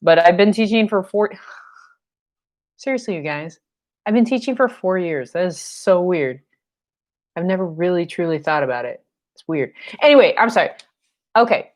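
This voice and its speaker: A woman's voice: lowish voice, animated, normal speed, pauses often. A young woman teaching a painting class on a live stream, chatty and jokey, often laughing at her own asides. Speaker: paint night instructor.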